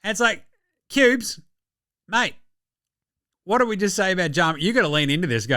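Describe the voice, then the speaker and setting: A man's voice: high-pitched, very animated, moderate pace, pauses often, fairly bright tone, no room sound, clean studio sound. A man with an Australian accent hosting casual sports commentary, jokey and profane in his rants. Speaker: host.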